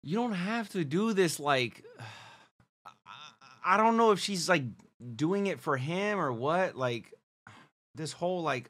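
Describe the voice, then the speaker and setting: Lively slangy man reacting out loud. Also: a little high, takes it slowly. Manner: animated and slangy, often laughing and exclaiming. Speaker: reaction video host. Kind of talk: casual reaction commentary.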